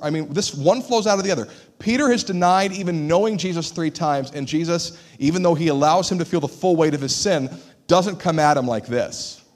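A male pastor delivers a sermon with a fairly high voice. He talks in an animated, conversational way and acts out the people he quotes.

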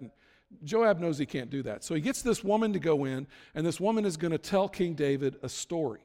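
High-voiced man preaching in a reverberant hall. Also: animated, normal speed, darkish tone. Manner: casual retelling with acted-out quotes. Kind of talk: sermon storytelling.

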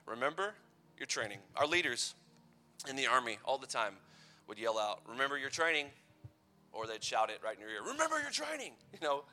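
A man's voice: medium pitch, fairly quick, sharp tone. A man in his thirties giving a playful, conversational youth sermon full of personal stories. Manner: playful, conversational, teasing asides. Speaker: youth pastor.

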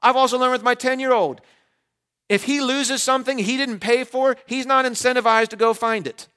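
A man in his forties preaching a sermon as pastor, animated and shifting between loud emphasis and hushed asides, in a church. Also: very high-pitched, moderate pace, smooth. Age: 40s.

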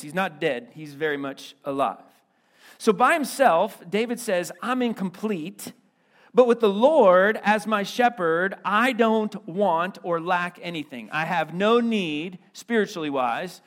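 A man pastor preaching a sermon with a Midwestern American accent, swinging from quiet stretches to loud emphatic lines. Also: on the high side.

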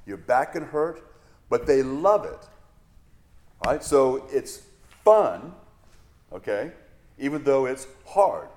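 A male pastor teaching a Bible study in a relaxed, conversational way, wandering into self-deprecating asides. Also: medium pitch, slow pace, pauses often. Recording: echoey room.

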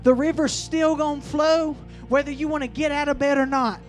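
A man delivers a fiery revival sermon in a strikingly high voice. He drives key lines loud, then draws others out slow and heavy. Faint music plays behind him. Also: fairly even intonation. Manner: preaching with rising bursts and slow emphatic lines. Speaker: preacher.

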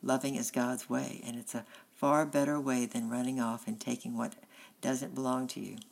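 Woman doing a storybook farmer's wife, motherly, gentle, very low, gravelly. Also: level tone, moderate pace, exaggerated voice. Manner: gentle, homely reproof.

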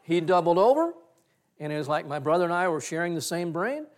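A middle-aged male pastor preaching a sermon, telling a story with animated swings and sudden loud bursts. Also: a little high, a little fast.

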